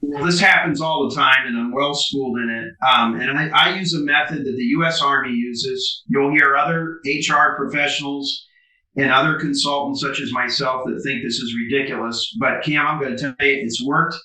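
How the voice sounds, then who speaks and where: Bright-voiced man on a roomy video call. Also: mid-range voice, moderate pace, recorded from a distance. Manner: emphatic, animated storyteller. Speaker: guest business coach. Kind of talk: interview over video call.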